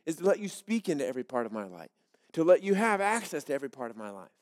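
A man's voice: on the high side, big pitch swings, racing, darkish tone, big-room sound. A male pastor giving a sermon, earnest and repetitive, with joke illustrations. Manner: earnest, repeats key phrases, tells jokes as illustrations.

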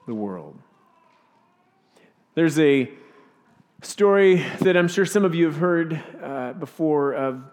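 A man preaching a sermon as pastor, telling stories with lively acted-out voices. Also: mid-range voice. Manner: animated storyteller, acts out voices. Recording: reverberant church hall.

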